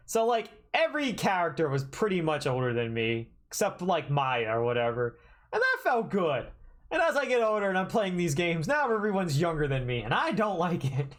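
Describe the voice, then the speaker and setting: A streamer in their thirties chatting and joking through a livestreamed game, now and then reading the dialogue aloud. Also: medium pitch. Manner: chatty, jokey, reacts loudly.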